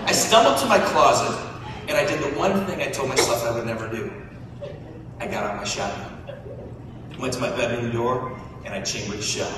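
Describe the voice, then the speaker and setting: A man giving a humorous storytelling speech at a banquet, animated and playful, talking straight to the audience. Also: mid-range voice, moderate pace, pauses often. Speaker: banquet speaker. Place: large banquet hall. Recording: echoey hall from far off, room noise.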